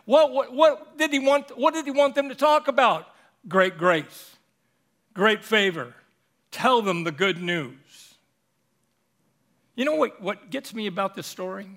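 A man with a high voice preaches a sermon with animated energy. He keeps asking the congregation rhetorical questions and swings between loud emphasis and quieter storytelling.

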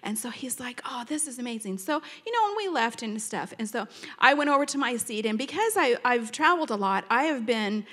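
A middle-aged woman telling a chatty, animated testimony to a congregation, acting out both sides of her conversations. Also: fairly high pitch, brisk, few pauses. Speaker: church member giving testimony.

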